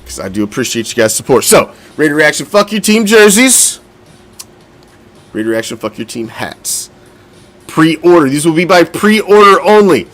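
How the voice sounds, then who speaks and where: A man's voice: on the high side, big pitch swings, moderate pace, fairly bright tone. A man hosting a football fan show, talking casually, bluntly and with a lot of profanity, and getting winded as he goes. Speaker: podcast host.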